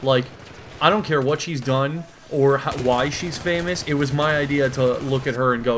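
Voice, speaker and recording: A man giving a deadpan, absurd comedic monologue, swearing and rambling as he comments over a game. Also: medium pitch, moderate pace, noisy background. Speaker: gaming commentator. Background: faint gunfire from a shooter game.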